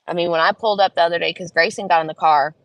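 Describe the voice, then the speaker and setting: A woman vlogger telling a story in a chatty, indignant way, often jumping up into higher voices to quote her kids. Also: fairly even intonation, rapid-fire, low-quality recording. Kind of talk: casual storytelling vlog.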